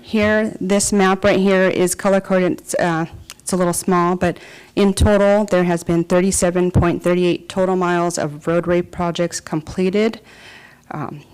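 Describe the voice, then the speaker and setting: A woman's voice: fairly low pitch, steady tone, a little slow, a little mellow, clear, resonant tone, low-quality recording. A woman presenting a report to a city council, reading figures and lists steadily with the odd filler. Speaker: city department director. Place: council chamber.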